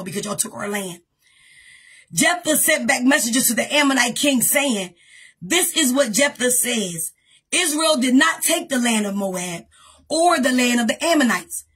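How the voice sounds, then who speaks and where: A woman pastor preaching a lively sermon, often shouting and laughing as she retells scripture. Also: sits high, slightly rough. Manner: preaching with call-and-response energy, shouting and laughing.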